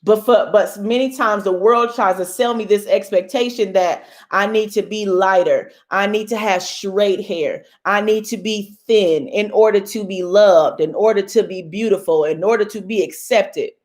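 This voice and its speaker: A woman's voice: mid-range voice, moderate pace, few pauses. A young woman hosting a casual motivational talk to her viewers, emphatic and bold like a preacher. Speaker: host.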